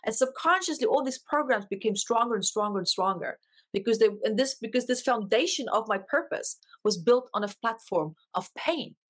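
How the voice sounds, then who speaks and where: A woman's voice: on the high side, expressive, normal speed. A woman, an author and life coach, telling her personal story as a guest in an interview, earnest and emotional, and she repeats phrases for emphasis.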